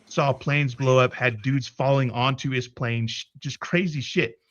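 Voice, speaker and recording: A man's voice: mid-range voice, unhurried, no echo, dull audio. A man telling a story in a casual livestream chat, cursing freely and restarting his sentences as he goes. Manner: profane, animated retelling with many restarts. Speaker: podcast co-host.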